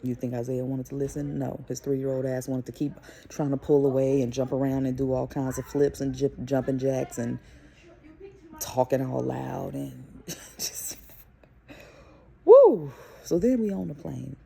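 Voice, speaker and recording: A young woman and mother telling a story to camera in a casual, animated, profane way. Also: rumbling low, normal speed, gravelly. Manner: animated, profane, emphatic retelling. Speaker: vlogger and mother.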